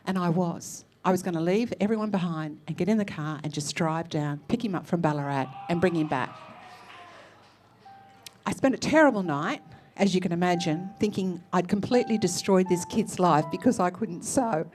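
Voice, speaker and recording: An Australian woman telling a personal story on stage in a lively, expressive way, acting out the people she quotes. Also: lowish voice, normal speed, soft background music. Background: faint musical accompaniment.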